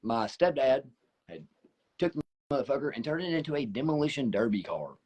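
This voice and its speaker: A man's voice: medium pitch, animated, brisk, darkish tone. A man hosting a podcast, blunt and profane as he teases his guest and tells his own stories. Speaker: podcast host. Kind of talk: casual podcast chat.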